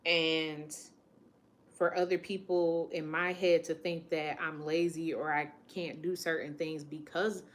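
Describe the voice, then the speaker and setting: A vlogger in her late twenties talks in a low voice with flat, unhurried delivery. The story she tells is personal, shared candidly and with emotion, and it's peppered with quotes of what people said to her.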